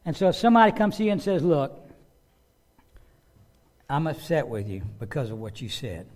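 A man's voice: a little high, big pitch swings, normal speed, a little mellow. A man preaching a sermon in a conversational way, often repeating words and asking his listeners questions. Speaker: pastor. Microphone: microphone with a loose connection.

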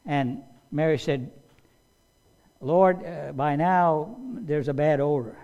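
A man preaching a sermon in an animated way, restarting phrases and raising his voice for quoted commands. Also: a little high, slow pace, lo-fi sound. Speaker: pastor.

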